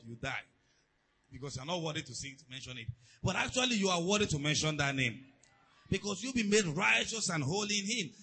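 A man preaching a sermon to a church, calling out questions and leading the congregation in shouted declarations. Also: sits high, slightly rough, rough recording. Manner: call-and-response, building to shouted declarations.

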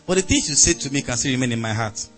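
Animated Nigerian pastor preaching. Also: male voice, medium pitch, rapid-fire, soft background music. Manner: animated preaching, acts out angry voices, laughs. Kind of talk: sermon.

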